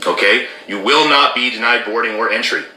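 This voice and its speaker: A man's voice: medium pitch, brisk, pushed and bright, reverberant, slight background noise, poor audio. A man explaining rules in an emphatic commentary, stressing key words and checking in with "okay?". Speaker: former border officer commentator.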